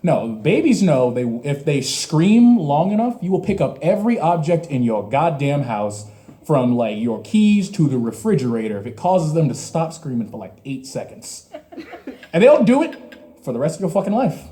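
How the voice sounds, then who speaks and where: A stand-up comedian in his twenties performs at an open mic in a small comedy venue. His voice is a little high, mellow, and very animated at normal speed as he rants through crude, self-mocking jokes.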